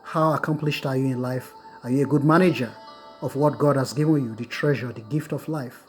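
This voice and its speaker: A middle-aged man giving a recorded lecture on Buddhist wisdom, repeating key phrases slowly so students can write them down. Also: mid-range voice, darkish tone, faint music behind.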